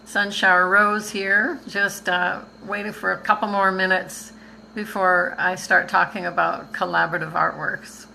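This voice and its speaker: A woman's voice: mid-range voice, little pitch movement, measured pace, gravelly, sharp tone, slight background noise, rough recording. An older woman from Canada, a visual artist chatting casually and rambling on a live stream, laughing easily.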